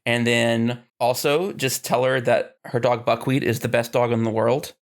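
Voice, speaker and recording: A woman's voice: extremely low pitch, steady tone, moderate pace. A woman co-hosting a tabletop gaming podcast, chatting in an upbeat, bubbly way. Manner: upbeat and bubbly, laughs often. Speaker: podcast co-host. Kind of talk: casual chat.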